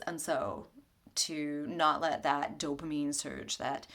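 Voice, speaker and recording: Slow-paced and low-voiced with fairly even intonation, a spiritual mentor offers a weekly tarot reading from her home altar. Her manner is gentle and chatty, broken up by frequent laughter.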